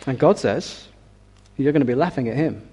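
A man preaching a sermon, reading scripture slowly and building to forceful, emphatic declarations. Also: mid-range voice, lively intonation, breathy edge. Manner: reads scripture aloud with slow weight.

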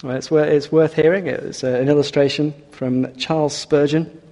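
A man's voice: a little high, fairly even intonation, moderate pace, dark tone. A man preaching a sermon in an earnest way, with rhetorical questions and hesitant restarts. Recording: long hall reverb.

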